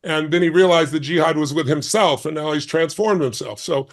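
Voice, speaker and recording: A man in his sixties appears as a guest on an interview show, telling a story with intense emphasis and acting out the dialogue. His voice is fairly high and his pace brisk.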